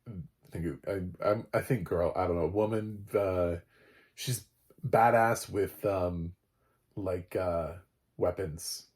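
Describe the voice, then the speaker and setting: Man, lowish voice, casual TV recap, rambling, chuckling, lots of ums. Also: darkish tone. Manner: rambling, filler-heavy, laughs often. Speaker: TV show reviewer.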